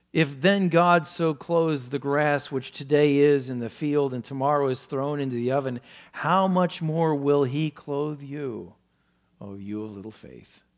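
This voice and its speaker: A man preaching a sermon to his congregation in an earnest manner, his emphasis rising and falling, pausing now and then to correct himself. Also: medium pitch. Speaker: pastor.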